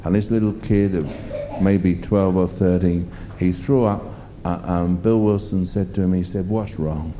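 Man, deep voice, very mellow tone, emphatic sermon storytelling. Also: steady tone, unhurried, lo-fi sound, a little hiss or hum. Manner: emphatic, rambling storytelling with fillers. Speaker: preacher.

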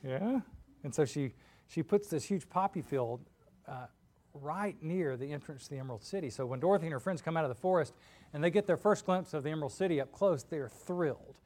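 A male preacher giving a sermon in a loose, conversational style, candid about himself. His voice sits a little high, and he grows animated when retelling a story. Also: a little fast.

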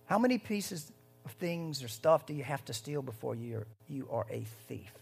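A pastor giving a conversational sermon, swinging between loud, rising bursts and hushed moments. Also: medium pitch, big pitch swings, normal speed, creaky, slightly rough, faint music behind.

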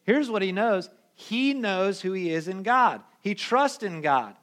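Slangy, animated male preacher. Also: high voice, measured pace. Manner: animated, slangy, acts out quoted voices. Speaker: pastor. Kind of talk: casual conversational sermon.

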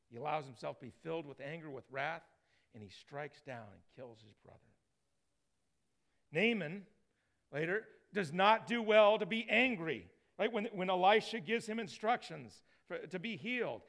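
A man preaching a sermon, swinging from loud emphatic lines to soft hushed ones. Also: high voice, creaky. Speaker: pastor.

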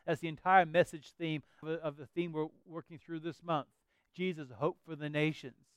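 High, smooth-voiced male preacher. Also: fairly even intonation, normal speed, no room sound. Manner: earnest, conversational preaching with emphatic rises. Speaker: pastor. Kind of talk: sermon.

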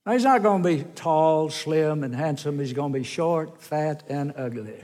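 A man preaching a sermon, telling folksy stories and swinging his voice up and down. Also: moderate pace. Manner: folksy storytelling with wide swings in pitch and loudness. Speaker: pastor. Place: church sanctuary. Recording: long church hall reverb.

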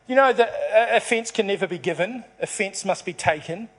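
A man's voice: high-pitched, lively intonation, moderate pace, breathy edge. A man preaching a sermon to a congregation, telling a story and acting out its dialogue. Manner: storytelling, acts out dialogue in the parable. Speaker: pastor.

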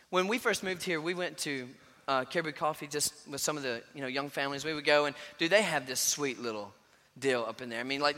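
A man in his thirties preaching a sermon as pastor, telling a story with lively voiced quotes. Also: fairly high pitch. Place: church sanctuary. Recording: long church reverb.

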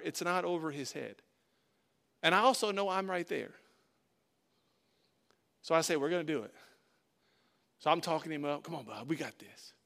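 A pastor preaching to his congregation in a high, bright voice. He tells a story with energy and acts out the voices in it. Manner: animated storytelling, acting out voices. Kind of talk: sermon.

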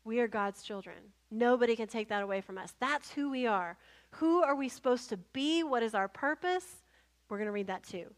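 A woman pastor preaching a sermon, telling stories in a humorous, animated way. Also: a little high, moderate pace.

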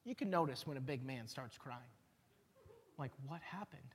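A man, a pastor, preaching a sermon in a conversational storytelling way, pausing for emphasis. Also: medium pitch, lively intonation, a little hiss or hum.

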